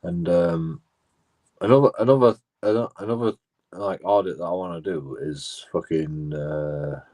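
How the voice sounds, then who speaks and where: Guy with a lowish voice, casual profane rant that loops back on itself. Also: measured pace, a little mellow. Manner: profane, repetitive, restarts phrases. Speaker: auditor vlogger. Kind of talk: casual rambling monologue.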